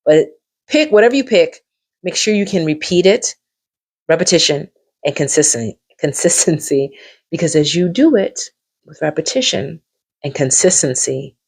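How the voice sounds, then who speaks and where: A woman hosting a live coaching stream, encouraging and repetitive, reacting warmly to viewers in the chat. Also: sits low, moderate pace, husky. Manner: encouraging, repeats phrases, lively reactions to viewers.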